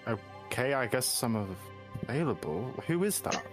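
A man's voice: medium pitch, very animated, a little slow, over music. A man playing a tabletop game, puzzled and hesitant. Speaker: player. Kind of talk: casual tabletop play.

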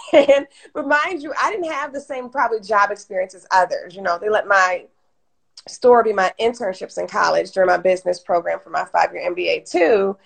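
A woman's voice: mid-range voice, moderate pace, creaky, slightly rough. A woman from Detroit, a guest on an interview show, telling her story casually and animatedly, acting out what others said. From Detroit, Michigan. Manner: animated, acts out quoted voices. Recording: IG Live stream audio.

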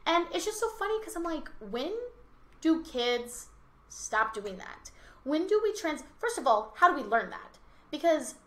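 A woman's voice: sits high, big pitch swings, a little slow. A young woman, a teacher, co-hosting a casual podcast and telling stories animatedly, acting out the kids' voices. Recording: roomy echo.

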